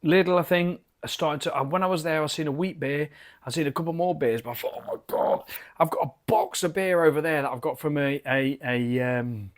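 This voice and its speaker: A man's voice: fairly high pitch, brisk. A British man giving a chatty, enthusiastic and rambling beer review from his garden cabin bar. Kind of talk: casual video review.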